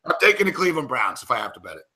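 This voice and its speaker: A man's voice: mid-range voice, very animated, rapid-fire, a loud crowd. A man co-hosting a sports betting show, talking casually and ranting with lots of swearing. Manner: profane, ranting, worked up. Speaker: co-host and sports handicapper.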